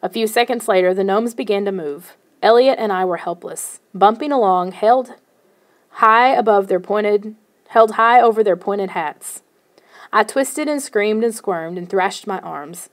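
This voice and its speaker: A woman narrating a first-person children's novel in a steady storytelling manner. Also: mid-range voice, a little slow. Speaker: audiobook narrator.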